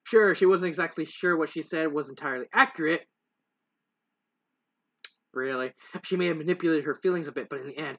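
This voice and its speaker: A man reads fanfiction aloud in a casual, rambling way, stumbling over words and adding self-mocking asides. His voice is bright and a touch higher than most. The recording is dull and lo-fi. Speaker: fanfiction reader. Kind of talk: casual story reading with asides.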